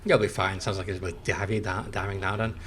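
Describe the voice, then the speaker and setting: A man's voice: sits low, flat delivery, fast talker, fairly bright tone, slight background noise. A man streaming a video game, chatting in a rambling, hesitant way and chuckling between thoughts. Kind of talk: casual gameplay commentary.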